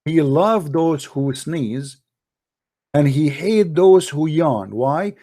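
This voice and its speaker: A man's voice: on the high side, animated, takes it slowly, mellow. A man giving a mocking, sarcastic polemical monologue in broken English grammar. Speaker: religious debate commentator.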